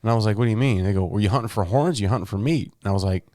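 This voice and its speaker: Man, low voice, relaxed storyteller, podcast host, dry close sound. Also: rapid-fire, no echo. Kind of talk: casual conversation.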